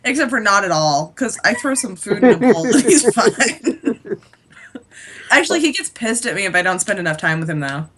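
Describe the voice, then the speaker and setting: A woman with a bright, lively voice argues on a casual podcast panel. Her pitch swings widely as she scoffs. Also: normal speed.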